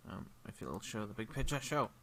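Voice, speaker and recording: Bright-voiced man running a tabletop game. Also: on the low side, animated, fairly quick, slight background noise. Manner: rambling, with frequent ums and apologies. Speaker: game master. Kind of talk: narrating a tabletop game stream. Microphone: headphones with a desk mic.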